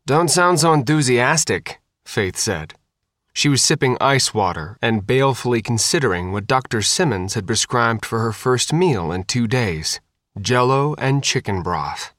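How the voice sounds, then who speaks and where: A man narrating an audiobook in an even, clear reading. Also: mid-range voice, unhurried, no room sound, clean studio sound.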